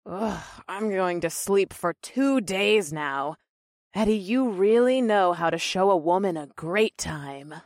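A man's voice: high-pitched, lively intonation, slow, no room sound, studio quality, pitched above the performer's own voice, full character voice. A man voicing a fierce young redheaded warrior woman who talks in a blunt, casual way. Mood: contented.

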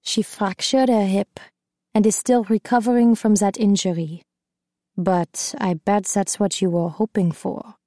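A woman voicing a manipulative young male dancer who speaks in a hushed, threatening whisper, slow and taunting. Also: medium pitch, steady tone, dry recording, studio quality, close to an everyday voice. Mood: accusing.

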